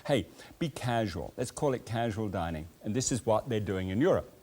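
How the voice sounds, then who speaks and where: A man's voice: fairly low pitch, animated, normal speed, a little mellow. A man hosting a cooking show, chatting straight to the viewer with playful, folksy asides.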